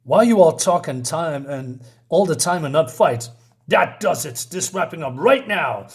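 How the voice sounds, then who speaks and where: A man's voice: on the high side, expressive, measured pace. Man reading a brash, short comic-book tough guy, bragging and wisecracking. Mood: cocky. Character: brash short male mutant brawler.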